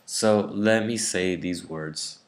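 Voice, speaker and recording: A man's voice: low-pitched, slow. A man with a Southern American accent teaching English pronunciation in a video lesson, carefully demonstrating vowel sounds.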